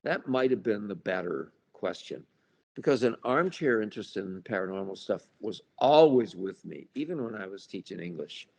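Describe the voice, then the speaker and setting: An author and paranormal researcher from the United States tells stories with wry humor in a laid-back interview, performing little scenes of party chatter. His lowish voice is animated and slightly mellow, at a normal pace.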